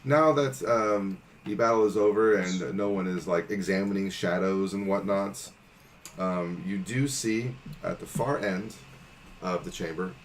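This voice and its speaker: Deep-voiced man running a tabletop game. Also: a little slow, recorded from a distance, slight background noise, poor audio. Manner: casual, laughing, filler-heavy narration. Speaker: game master.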